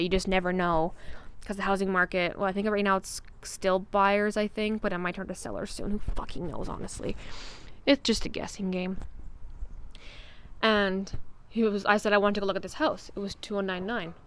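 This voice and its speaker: A woman's voice: medium pitch, clean tone. A young adult woman hosting her own podcast, talking casually in a blunt, profane, rambling way. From Canada. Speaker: podcast host. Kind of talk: casual solo podcast chat.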